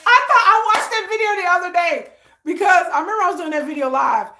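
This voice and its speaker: A woman's voice: very high voice, fast. A woman from Texas chatting casually on a livestream, telling stories and acting out voices. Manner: animated storytelling, acts out voices. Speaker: livestream host. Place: home room with ring lights.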